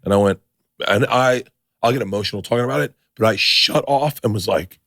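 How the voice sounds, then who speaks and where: A man hosting a casual podcast chat, his low voice sitting close and dry on a studio mic. He rambles and gets excitable, swearing freely as the stories build. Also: fast talker, creaky, dry recording. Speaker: podcast host.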